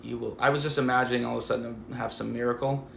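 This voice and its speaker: A man's voice: medium pitch, steady tone, very fast, creaky, fairly bright tone, reverberant, slight background noise. A man hosting a casual livestream, talking to his viewers in a rambling, affectionate way full of "like". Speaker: livestream host.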